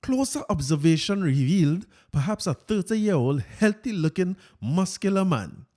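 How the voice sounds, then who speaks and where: A stiff, formal male government minister reads out his own wordy, stilted prose, as a podcast host puts on his voice. The voice sits a bit high but stays soft and mellow. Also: sing-song, moderate pace. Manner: wordy, stilted officialese read aloud.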